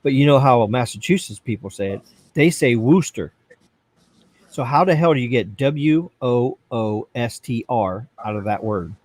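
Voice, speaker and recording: A man's voice: mid-range voice, expressive, moderate pace, a little mellow, no room sound. A man hosting a casual livestream, chatting loosely and reading viewer comments aloud. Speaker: livestream host.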